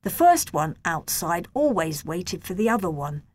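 A woman reading a children's novel aloud in a gentle, measured first-person storytelling voice. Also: on the low side, sing-song. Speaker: audiobook narrator.

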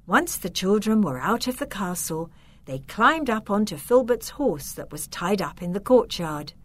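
A woman narrating a children's story in a measured, expressive way. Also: mid-range voice, dry recording.

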